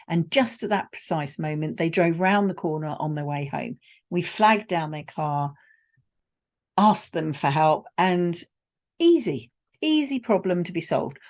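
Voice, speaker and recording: Lower-pitched woman hosting a solo podcast. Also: lively intonation, a little slow. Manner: conversational, anecdotal, wry asides. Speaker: podcast host.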